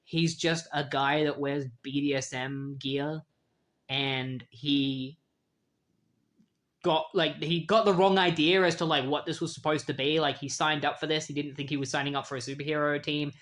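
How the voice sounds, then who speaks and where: Man, comic book host, casual retelling, animated storyteller, slightly high voice. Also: normal speed. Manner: animated storyteller who acts out characters' lines.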